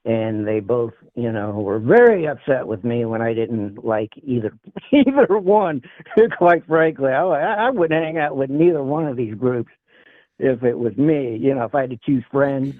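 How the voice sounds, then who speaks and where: A man's voice: medium pitch, expressive, normal speed, dry recording. A man from Northeast Ohio calling in to a political talk show, rambling and laughing as he tells his story. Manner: rambling, laughing, repeats himself. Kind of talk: casual call-in debate. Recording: tinny phone line.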